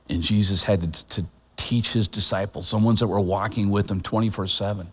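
A middle-aged pastor delivers a heartfelt sermon in a fairly low voice. He speaks earnestly, often restarting his sentences and pausing with fillers. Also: steady tone, slightly rough, in a large hall. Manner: emotional, choked up at moments.

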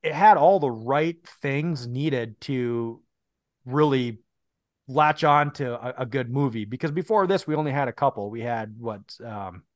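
A man's voice: mid-range voice, a little slow, dry recording. Guy cohosting a podcast, rambly, keeps repeating words, dry close mic. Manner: rambling, repeats words when starting a thought. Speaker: podcast co-host. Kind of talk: casual chat.

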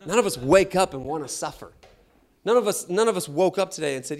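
Dynamic preaching man swinging loud and soft. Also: fairly high pitch, animated, fast, vocal fry. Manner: dynamic preacher, rising loud and dropping soft, repeats key lines. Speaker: pastor. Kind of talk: sermon.

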